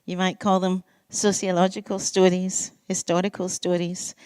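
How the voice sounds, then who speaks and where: A Scottish woman in her sixties, a poet giving a public lecture, telling lively, self-mocking stories and savouring lists. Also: mid-range voice, normal speed, dry recording. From Scotland. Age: 60s. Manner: lively storytelling, self-mocking asides, lists delivered with relish. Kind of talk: public lecture with anecdotes and readings.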